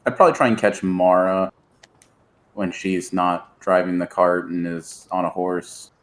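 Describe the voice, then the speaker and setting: A man playing a tabletop game, speaking casually and a little haltingly. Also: low-pitched, fairly even intonation. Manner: halting, repeats words. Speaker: player.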